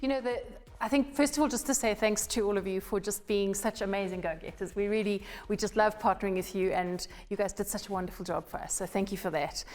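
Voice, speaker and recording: Woman, quick enthusiastic delivery, reverberant room. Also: mid-range voice, a little mellow. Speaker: corporate executive guest. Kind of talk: talk show chat.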